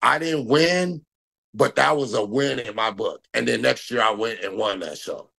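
A man's voice: mid-range voice, normal speed, creaky, bright, forceful tone. A man in his thirties from Minnesota, a pro bodybuilder talking loosely and boastfully in an interview, with lots of fillers and repeats. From Minnesota, USA. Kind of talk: casual interview talk.

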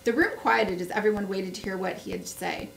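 A woman's voice: medium pitch, brisk, vocal fry, fairly bright tone, reverberant, recorded from a distance, a little hiss or hum, low-quality recording. A woman reading a cozy mystery aloud, giving the characters small voice shifts. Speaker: book club host reading aloud.

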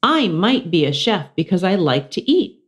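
A woman's voice: lowish voice, very animated, moderate pace. A woman voicing an eager, curious young schoolboy talking to his teacher in a storybook.

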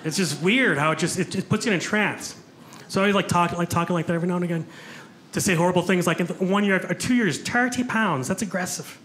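Stand-up comic, man, high-pitched, self-deprecating crowd banter, live club audio with clear room noise. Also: quick pace, a bit bright. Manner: chatty, self-mocking, talks with the crowd. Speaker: stand-up comedian. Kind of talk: stand-up comedy set. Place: comedy club stage before a live audience.

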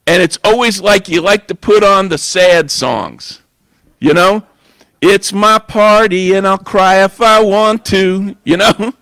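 A man's voice: high-pitched, fairly bright tone, dry recording. A man preaching a sermon in church, talking in a conversational way and often asking "you know?". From New York. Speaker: guest preacher.

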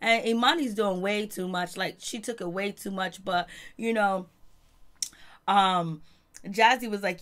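A woman's voice: medium pitch, moderate pace, fairly bright tone. Woman doing a chatty reality tv recap, lots of slang, acts out the quotes. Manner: slangy, retells scenes in quoted voices. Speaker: TV show reviewer. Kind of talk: casual recap monologue.

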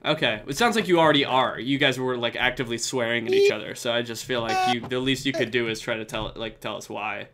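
A man's voice: mid-range voice, fast, few pauses, very noisy. A young man hosting a casual gaming chat, teasing his friends playfully.

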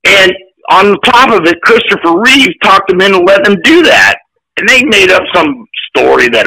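A man in his sixties, an actor guest, telling profane, animated stories in casual chat. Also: high-pitched, normal speed, husky, no room sound, poor audio. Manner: profane, animated, acts out quotes. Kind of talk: casual storytelling.

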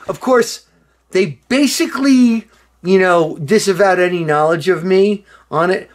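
A tipsy middle-aged man rambling excitedly in a casual video monologue, swearing and breaking into loud outbursts. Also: sits high, normal speed. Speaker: former band member showing a reissued album.

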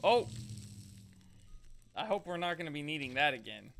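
A man commenting on his horror game playthrough, excitable, swearing and chuckling as he talks to himself. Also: fairly high pitch, normal speed, gravelly. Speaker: game streamer.

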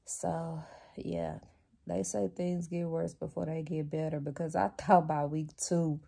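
A woman talks casually to her vlog audience in a low, husky voice. She is blunt and chatty, swears freely and laughs often between remarks. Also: little pitch movement, measured pace, dark tone. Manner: laughs often while talking. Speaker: lifestyle vlogger. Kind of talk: casual chat to camera.

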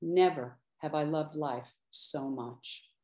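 A middle-aged woman giving a slow, measured poetry reading with brief asides. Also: deep voice, a little mellow, echoey room. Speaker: poet reading her work.

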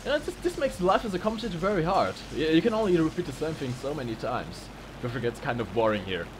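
A man's voice: a little high, expressive, noisy background. A man commenting live on a video game match with playful, joking banter. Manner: playful, jokey, fast banter. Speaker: esports commentator.

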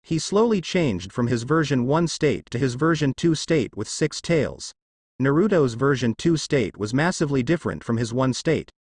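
A man reading fan fiction aloud as a narrator, voicing every character in the same plain, steady way. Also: medium pitch, moderate pace, slightly rough, no echo, clean studio sound.

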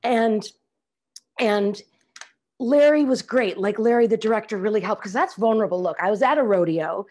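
A middle-aged woman talking casually on a video call as an interview guest, animated and acting out quoted lines. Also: mid-range voice, normal speed. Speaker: actress guest.

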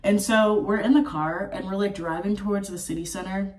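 A woman in her twenties telling a storytime in a casual travel vlog, animated and profane, full of fillers and a bit sick with a cough. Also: medium pitch, brisk, far from the mic. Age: 20s. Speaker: vlogger.

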